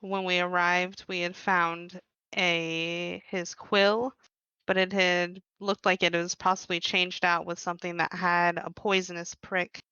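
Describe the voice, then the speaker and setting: A woman playing a tabletop game, speaking in a calm, measured way. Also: fairly low pitch, smooth, no room sound, lo-fi sound. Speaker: player.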